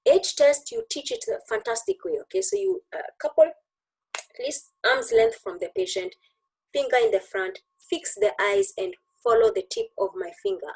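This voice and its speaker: A woman teaches an online exam-review lesson in a very high voice that swings widely as she talks. She jokes with her students and acts out each test as she goes. Her voice comes through a computer mic on a video call. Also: moderate pace, creaky, poor audio. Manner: animated, joking, demonstrative teaching. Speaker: exam tutor and doctor.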